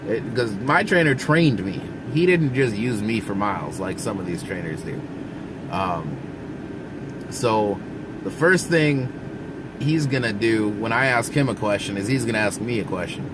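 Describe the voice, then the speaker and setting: Blunt trucker man, low voice, engine hum. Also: lively intonation, a little slow. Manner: blunt, folksy, talks directly to viewers. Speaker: truck driver vlogger. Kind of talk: casual advice monologue. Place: inside his truck cab.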